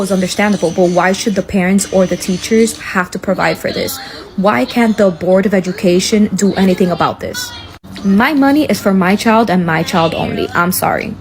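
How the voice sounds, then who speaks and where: A woman's voice: medium pitch, slight background noise. A mother venting bluntly and irritably, swearing as she complains. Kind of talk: profane venting rant.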